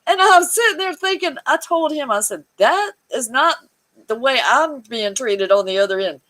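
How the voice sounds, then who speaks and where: Woman chatting, tells a story and acts out the voices, higher voice. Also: moderate pace, rough recording. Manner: animated storyteller, acts out quoted voices, laughs often. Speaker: guest sharing a hospital story. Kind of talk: casual chat.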